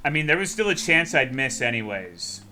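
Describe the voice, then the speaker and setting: A man's voice: medium pitch, very animated, brisk, sharp tone, a little hiss or hum. A man streaming a game, chatting casually and offhandedly with plenty of swearing. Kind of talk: casual gaming stream commentary.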